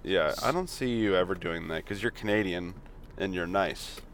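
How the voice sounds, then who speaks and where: A man's voice: low voice, normal speed, fairly bright tone, slight background noise. A man co-hosting a podcast in casual chat, bantering and joking while recording inside a car. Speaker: podcast co-host.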